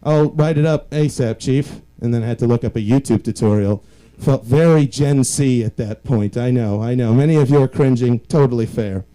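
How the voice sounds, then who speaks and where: Young male stand-up, dark mellow tone, self-mocking storyteller. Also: medium pitch, fairly quick, poor audio. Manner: self-deprecating, rambling storytelling. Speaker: stand-up comedian. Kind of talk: stand-up set.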